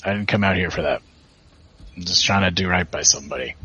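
A tough female orc, played by a man at a gaming table, who talks plainly and stumbles over apologies. The voice sits low with a bright, forceful edge. The audio is dull and lo-fi. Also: breathy edge, exaggerated voice. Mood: earnest. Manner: plain-spoken, halting, apologetic.

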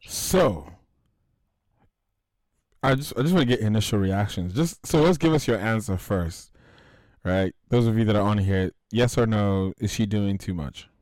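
Low-voiced man, dry close mic, playful host. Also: moderate pace, no room sound. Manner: playful, teasing, bursts of loud interruption. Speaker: podcast host. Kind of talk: casual podcast chat.

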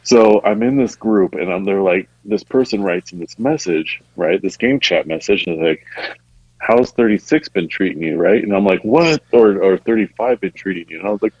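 A man's voice: low voice, moderate pace, darkish tone, husky, dry recording, muffled recording. A man in his thirties telling rambling stories on a podcast, laughing as he talks. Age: 30s. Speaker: podcast guest. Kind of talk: casual storytelling.

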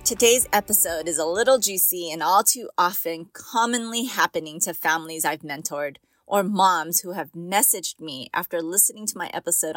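A woman's voice: on the low side, fairly bright tone, no room sound. A middle-aged woman hosting a podcast for moms, talking in a chatty, encouraging way and laughing often. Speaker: podcast host and mom coach. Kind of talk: casual podcast monologue.

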